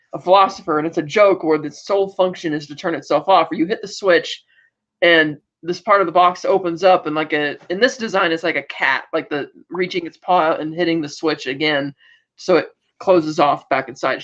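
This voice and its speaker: A man's voice: fairly high pitch, fairly bright tone. A man co-hosting a podcast, recapping an episode in casual chat, rambling with lots of "like" and restarts. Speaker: podcast co-host. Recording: dull lo-fi recording.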